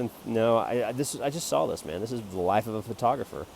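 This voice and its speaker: A man rambling jokingly about his photo prints in a self-promoting monologue, jumping between loud bursts and quiet mutters. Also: mid-range voice, expressive, fast talker, creaky, few pauses, a little hiss or hum. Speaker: amateur photographer selling prints.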